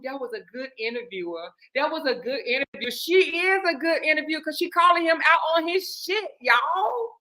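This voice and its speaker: A woman's voice: high voice, pushed and bright, poor audio. A woman hosting, reacting heatedly to an interview clip and talking straight to her viewers, often repeating herself. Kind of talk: casual commentary.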